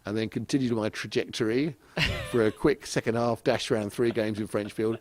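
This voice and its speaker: Rambling middle-aged man, low voice. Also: steady tone, brisk, darkish tone. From southeast England. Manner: rambling anecdotes with frequent chuckles. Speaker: podcast guest. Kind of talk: casual chat.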